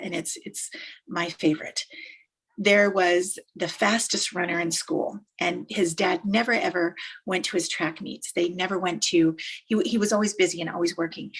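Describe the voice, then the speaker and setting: With a breathy edge to her mid-range voice, this woman delivers motivational storytelling, sharing uplifting tales with animation and emphasis and repeating phrases to drive points home.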